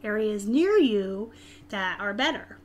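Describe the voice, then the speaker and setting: A woman from Tucson, Arizona, US, speaks with a light Southern US accent in a mid-range voice, taking it slowly with lively intonation. She's hosting a casual live stream and answering viewers' chat comments directly.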